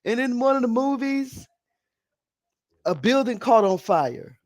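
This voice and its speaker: A man's voice: extremely high pitch, lively intonation, unhurried. A man hosting a live stream podcast, chatting casually and a little scattered while he sorts out his audio.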